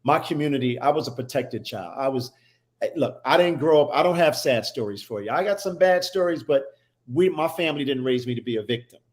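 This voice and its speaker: A man's voice: medium pitch, lively intonation, a little fast, darkish tone. A man who is a guest on a talk show, telling a personal story with emphasis and many restarts. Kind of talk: personal storytelling in casual chat.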